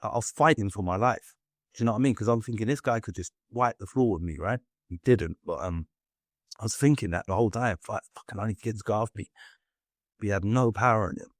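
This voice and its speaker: Low-voiced young Englishman, blunt talk. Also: quick pace, no echo, clean studio sound. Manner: blunt, swearing, acts out voices in quotes, many fillers. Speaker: guest telling his life story. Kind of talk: casual storytelling interview.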